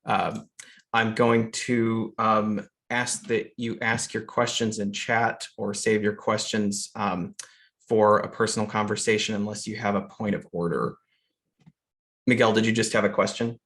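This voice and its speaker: A man chairing an online meeting on a video call, halting and full of fillers as he runs through procedure. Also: fairly low pitch, flat delivery, fairly bright tone.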